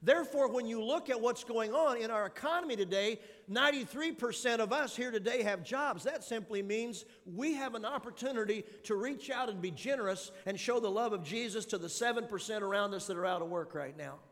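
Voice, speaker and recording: A man with a high voice preaches a sermon, working through numbered points and tossing questions out to the congregation. His voice rings with the long reverb of a big church hall. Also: brisk, few pauses, a bit bright. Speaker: pastor. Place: large church auditorium.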